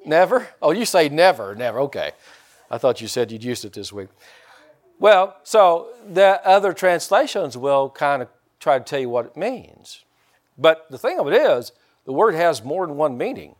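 A man's voice: on the high side, big pitch swings, moderate pace. A man preaching a conversational sermon and talking directly to his congregation. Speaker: pastor.

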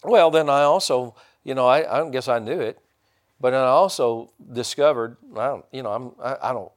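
This middle-aged pastor preaches a little fast, with a rambling, homespun style. Frequent restarts punctuate his sermon, along with sudden loud, high bursts of excitement.

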